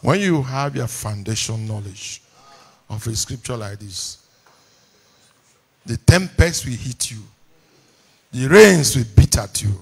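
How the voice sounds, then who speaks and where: A man's voice: medium pitch, expressive, takes it slowly, long pauses. Preaching man, Nigerian English accent. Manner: call-and-response preaching, repeats lines for emphasis. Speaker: pastor. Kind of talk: sermon. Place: church hall.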